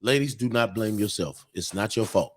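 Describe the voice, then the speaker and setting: A man's voice: lowish voice, normal speed. A man co-hosting a podcast in a bar, giving blunt, preachy relationship advice full of slang in a casual chat. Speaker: podcast co-host. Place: bar on location.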